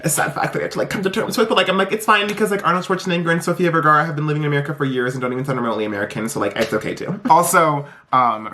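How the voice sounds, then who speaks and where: A man in his twenties talking casually to the camera in a vlog, saying "like" a lot and laughing between sentences. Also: slight background noise. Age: 20s. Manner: chatty, says "like" a lot, laughs mid-sentence; swings up high and animated for quoted bits. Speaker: vlogger.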